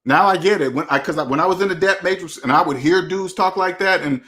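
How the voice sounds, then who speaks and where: A man delivers a casual monologue as a finance channel host, with a fairly high-pitched voice. He talks bluntly in loose street slang and preaches at the viewer. He hammers his points by repeating the same phrases again and again. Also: quick pace, pushed and bright.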